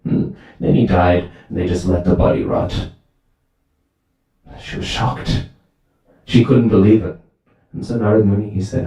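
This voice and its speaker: Male temple speaker, lively storyteller, low and mellow, recorded from a distance in a reverberant hall. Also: a little slow, long pauses. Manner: lively storytelling, asks "right?" often. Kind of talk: sermon with storytelling. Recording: very echoey hall, far from mic.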